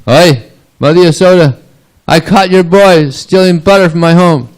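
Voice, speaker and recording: A man voicing an elderly village woman who complains loudly about a boy stealing her butter. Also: normal speed, natural voice, low-quality recording. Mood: indignant. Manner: shrill and indignant.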